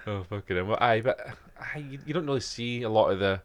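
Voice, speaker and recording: A man's voice: fairly low pitch, fast. Laid-back sweary Scottish man. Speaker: podcast co-host. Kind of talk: casual chat.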